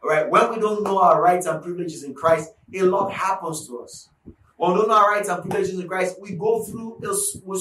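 A high-pitched man delivers a fiery sermon, repeating key lines for force and rising into shouts. He sounds set back from the mic in an echoing space, with a faint hum of noise underneath. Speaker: preacher. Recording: echoey room, mic at a distance, faint background noise.

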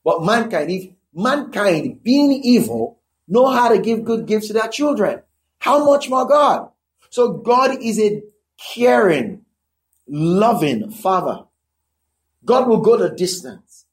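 A man with a notably high voice preaches a sermon. He talks emphatically, repeats key lines for effect, and keeps checking in with his listeners between points. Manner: conversational asides to the listeners.

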